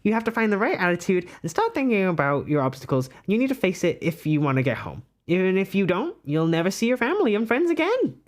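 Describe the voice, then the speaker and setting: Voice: mid-range voice, sing-song, fast talker, hardly any pauses, voice pushed up, close to an everyday voice. A streamer puts on a voice to play a polite, formal guide who reads out quiz results to a passenger in a sing-song way. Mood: chipper formal. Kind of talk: comedic voice reading a quiz result.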